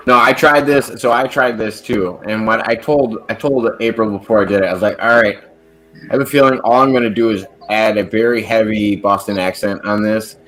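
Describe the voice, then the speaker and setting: Low-voiced male host, casual stream banter over a call, jokey, laughs a lot. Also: fairly even intonation, moderate pace, a bit bright. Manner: joking, laughs often, restarts phrases. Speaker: podcast host. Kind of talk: casual livestream chat.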